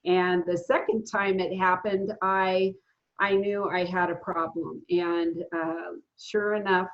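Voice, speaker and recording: A woman in her fifties telling her own recovery story in a casual, earnest way, often pausing with fillers and restarting her sentences. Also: medium pitch. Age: 50s. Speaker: guest sharing a recovery story. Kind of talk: casual spoken testimony. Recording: dull lo-fi sound.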